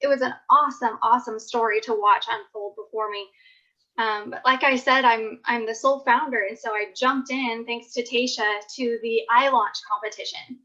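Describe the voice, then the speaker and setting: A woman founder presents over a video call, telling how her venture began in an earnest way. Her voice sits fairly high and sounds bright and forceful. The call audio is muffled and lo-fi. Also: steady tone, moderate pace.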